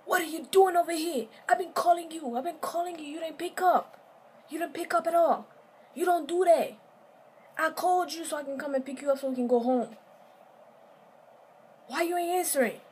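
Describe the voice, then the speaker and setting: Angry young man yelling and accusing, pitched high and loud, put on by a woman storyteller. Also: moderate pace, pauses often, slight background noise. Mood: furious. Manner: shouting, accusing, repetitive.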